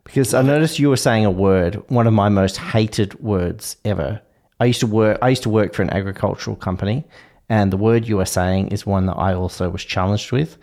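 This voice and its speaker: A man hosts a casual podcast chat in a fairly low voice. He talks playfully, hesitating and trailing off into fillers as he goes. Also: brisk, a little mellow. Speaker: podcast host.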